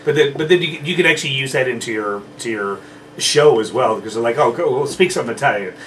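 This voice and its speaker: A man guest in casual chat who talks in halting, restarting bursts. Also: medium pitch, animated, a bit bright. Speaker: gondolier guest. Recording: distant mic, faint background noise.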